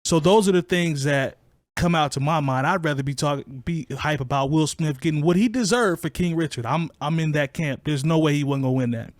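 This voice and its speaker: Fairly high-voiced and speaking a bit fast, this podcast host is recorded with no echo. On his hip hop talk show he's conversational and opinionated, frequently starting his thoughts over.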